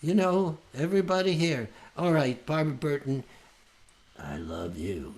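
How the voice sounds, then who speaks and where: A man's voice: a little high, expressive, measured pace, a little mellow. An older man, a folk singer, talking earnestly and rambling, often restarting his sentences. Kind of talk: heartfelt casual chat after a song.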